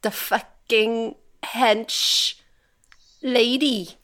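A woman voicing a brash female Viking warrior ghost in a put-on mock Swedish accent, boastful and slow. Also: on the high side, fairly even intonation, a bit bright. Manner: boastful, slow, breaking character.

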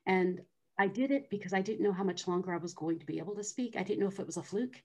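A woman's voice: medium pitch, quick pace. A middle-aged woman earnestly telling her personal story as an interview guest. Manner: earnest, acts out quoted voices.

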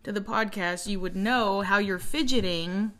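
A woman's voice: normal speed, fairly bright tone. A woman co-hosting a casual podcast, teasing her partner in a dry way, recorded on a phone mic. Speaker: podcast co-host. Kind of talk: casual chat. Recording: iPhone mic, low production.

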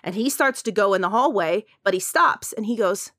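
A woman co-hosting a podcast, telling a story in casual chat with lots of "like", sighs and lively asides. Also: medium pitch, normal speed, dry recording, studio quality. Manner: animated, full of "like" and sighs, acts out quotes.

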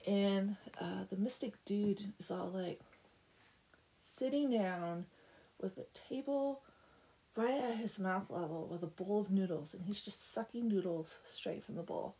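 A woman's voice: medium pitch, measured pace, mellow. Chatty young woman retelling a story. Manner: chatty, sarcastic asides, lots of "like". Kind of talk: casual comic story retelling.

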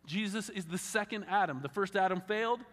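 A man pastor preaching a sermon in a conversational, animated way with wry asides. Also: high-pitched, brisk. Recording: long reverb of a large hall.

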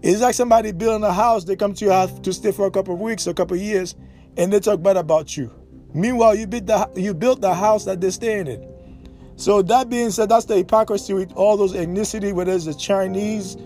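A man's voice: sits high, mellow. A man hosting a podcast, giving impassioned political commentary and repeating his key points for emphasis. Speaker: podcast host.

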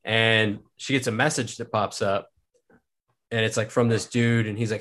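Low-voiced man telling a rambling story. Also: steady tone, unhurried, a bit bright. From Kansas. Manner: rambling, heavy use of filler words and swearing. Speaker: podcast guest. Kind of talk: casual personal storytelling.

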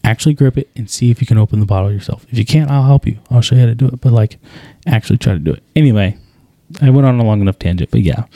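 Podcast co-host, man in his 30s, gravelly and mellow, dry close sound, acts out quotes. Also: mid-range voice, rapid-fire, no echo. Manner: animated storyteller, acts out quotes. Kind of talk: casual chat.

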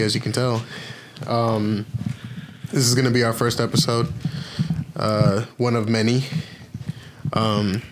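A man's voice: mid-range voice, a little hiss or hum. Rambling young man co-hosting a podcast. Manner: rambling, hesitant with many fillers. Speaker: podcast co-host. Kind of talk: casual chat.

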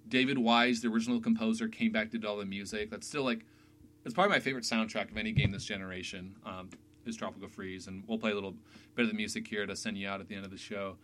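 Excitable male podcast host, low-pitched, casual, light hum on the track. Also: fast. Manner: chatty, excitable, many fillers. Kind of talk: casual chat about video games.

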